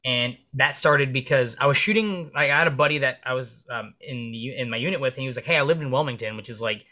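A man's voice: medium pitch, quick pace, bright, forceful tone. A young man, a military veteran guest, telling stories in a casual, rambling way full of fillers and swearing. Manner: profane, rambling with many fillers. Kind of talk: casual storytelling in conversation.

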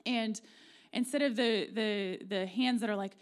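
A woman pastor in her forties with a Midwestern American accent preaches in a church. Her voice sits fairly high. She talks in a chatty, joking way and acts out quoted prayers. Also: lively intonation, fairly quick, fairly bright tone. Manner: conversational and humorous, acting out quoted prayers. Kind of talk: sermon. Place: church sanctuary.

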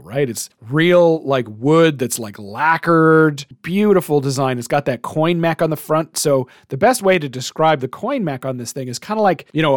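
A man co-hosting a podcast, chatting with bubbly enthusiasm and filling his sentences with "like" and "you know". His voice sits fairly high and swings widely. The recording is close and bone dry. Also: dry recording. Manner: enthusiastic, many fillers. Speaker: podcast co-host. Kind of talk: casual chat.

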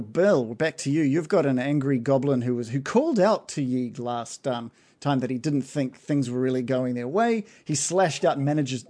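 A young man running a tabletop game, narrating scenes in a loose, casual way and chuckling as he goes. His descriptions come out relaxed and conversational. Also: medium pitch, gravelly. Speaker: game master.

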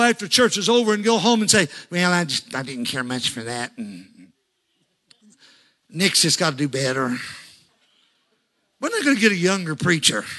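A man's voice: high voice, pushed and bright. A man preaching a sermon, telling folksy stories and rising to fervent calls to the congregation.

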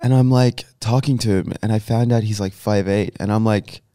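A man's voice: on the low side, fairly even intonation, normal speed, dark tone, no room sound, clean studio sound. A young man telling teasing, crude stories in casual chat. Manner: teasing storyteller, crude jokes.

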